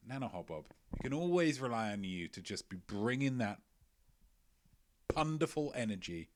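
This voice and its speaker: A man's voice: mid-range voice, lively intonation, moderate pace. A male quiz host reading out answers on a casual live stream. He is playful and chatty, with a mid-range voice, and likes to repeat his own lines for effect. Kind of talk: casual livestream quiz hosting.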